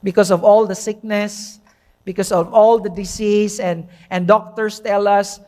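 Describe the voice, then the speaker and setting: A man's voice: sits high, steady tone, normal speed, a little mellow. A man with a Filipino accent preaching a sermon as pastor, emphatic and quizzing the congregation with rhetorical questions.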